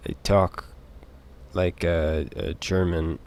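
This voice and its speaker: A man with a Utah accent chatting casually on a live stream, rambling and halting, with casual swearing. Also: deep voice, little pitch movement, a little mellow.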